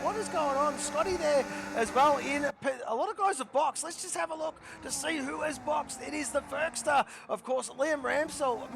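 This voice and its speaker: A man commentating a sim racing league, chatty and repeating himself, his voice hoarse and giving out. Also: very high-pitched, a bit bright, a little hiss or hum. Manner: chatty, repeats phrases, calls drivers by nicknames. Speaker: race commentator.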